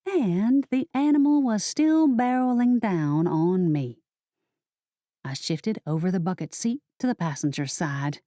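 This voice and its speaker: A woman narrating a first-person audiobook in a steady, measured storytelling manner. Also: medium pitch, no room sound, studio quality.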